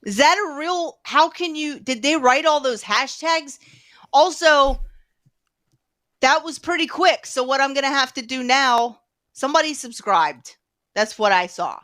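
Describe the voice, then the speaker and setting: Woman streamer, slightly high voice, meandering and unsure. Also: a little slow, a bit bright. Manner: hesitant, rambling. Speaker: livestreamer. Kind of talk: casual live stream talk.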